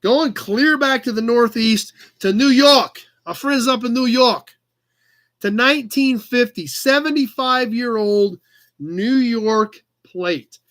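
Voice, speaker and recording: A man's voice: extremely high pitch, slow pace, a bit bright. A man hosting a casual livestream auction, chatty and upbeat as he calls out bids. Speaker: live auction host.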